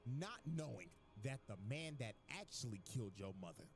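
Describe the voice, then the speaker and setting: A man's voice: medium pitch, normal speed, hardly any pauses. Man roasting a cartoon over music. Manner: crude, deadpan roasting. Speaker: recap narrator. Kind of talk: comedic recap narration.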